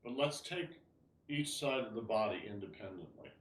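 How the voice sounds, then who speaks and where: A man's voice: on the low side, lively intonation, moderate pace, reverberant, distant mic. A man teaching an online tai chi class, explaining moves as he demonstrates and often asking "right?".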